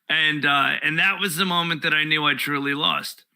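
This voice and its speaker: A man, a guest comedian telling profane, animated stories in casual podcast chat. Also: fairly high pitch, rough recording. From New York.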